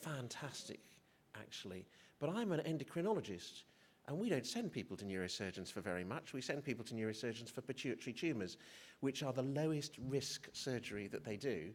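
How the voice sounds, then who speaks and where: A man's voice: medium pitch, expressive, fairly quick. A middle-aged male physician giving a conference presentation, hesitant and prone to restarts, with self-deprecating humour. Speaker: physician speaker. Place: conference hall.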